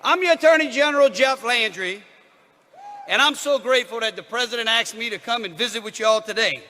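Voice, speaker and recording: Politician guy hyping up a rally crowd, high bright voice, hall echo. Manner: loud and rousing, pausing between phrases.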